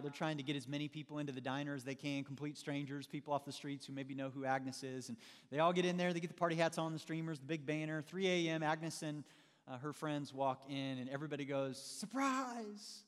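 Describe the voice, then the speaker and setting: A man preaching in a church hall, telling a story with animated shifts of pace. His voice sits a little high and carries a long reverb off the room. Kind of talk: sermon storytelling.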